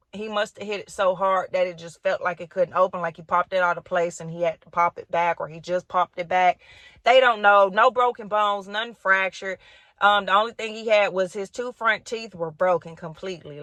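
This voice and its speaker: A woman, telling a storytime vlog in an animated way, talking straight to her viewers with slang and swearing. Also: mid-range voice, no room sound. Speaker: vlogger.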